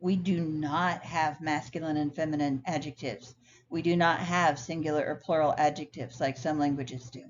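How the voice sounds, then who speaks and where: Woman instructor, patient explainer, slide-lecture recording; a bit low, muffled mic. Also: fairly even intonation, moderate pace. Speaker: ESL instructor. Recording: dull lo-fi sound, faint noise.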